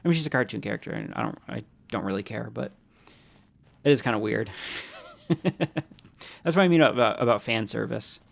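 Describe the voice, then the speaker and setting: A gravelly-voiced man chats casually while streaming a game. He rambles, answers chat, and throws in jokey asides. His nose sounds stuffy from allergies. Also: mid-range voice, lively intonation, normal speed, pauses often.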